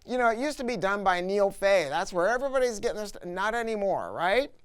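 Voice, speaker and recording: A middle-aged man presenting an audio product review, telling stories in an emphatic, animated way. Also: high voice, quick pace, clear, resonant tone. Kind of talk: casual product review talk.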